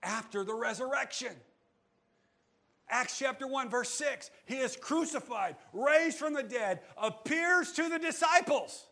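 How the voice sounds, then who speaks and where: High-voiced male pastor preaching. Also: measured pace. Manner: animated preaching with rhetorical questions to the congregation. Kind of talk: sermon.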